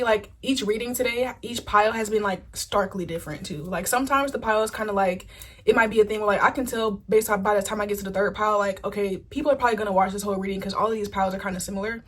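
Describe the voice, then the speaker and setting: A woman giving a casual pick-a-card tarot reading, chatty and animated, swearing freely. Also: medium pitch, breathy edge. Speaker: tarot reader.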